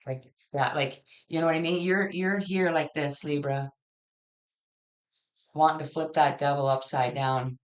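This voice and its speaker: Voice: mid-range voice, fairly even intonation, measured pace. A tarot reader giving a casual general reading, frank and blunt, swearing freely and rambling through restarts.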